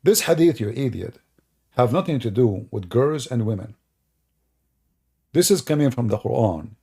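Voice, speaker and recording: A man's voice: medium pitch, animated, moderate pace, vocal fry, dark tone, husky. A man hosting a livestream and taking callers, talking in a sarcastic, mocking way with loose non-native grammar. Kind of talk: mocking religious-debate livestream.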